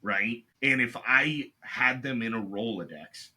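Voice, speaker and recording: A man's voice: medium pitch, a little slow, slightly rough. A middle-aged man, an entrepreneur guest, telling stories in casual chat and acting out other people's voices, with "right?" and "like" throughout. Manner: animated, acts out customers' voices; peppers talk with "right?" and "like".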